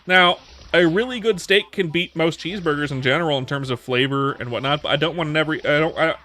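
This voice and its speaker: This man in his thirties talks fast, with a highish, bright and forceful voice. Chatting casually with his livestream audience, he wanders through viewer questions, restarting sentences and saying words twice.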